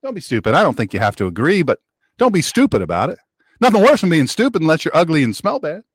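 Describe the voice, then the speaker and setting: A male radio talk host delivering an opinionated monologue. His fairly high voice swoops up and down with lively emphasis, sarcastic and preachy. The sound is dry and close, with no room echo. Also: quick pace, slightly rough.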